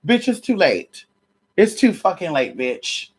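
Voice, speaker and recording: Sweaty and worn out, this sassy vlogger delivers a foul-mouthed sermon of a rant, addressing viewers as honey and girl. The mid-range voice is very animated and slightly rough, breaking into stammered restarts, cries of ow, and slow, dramatic scripture readings.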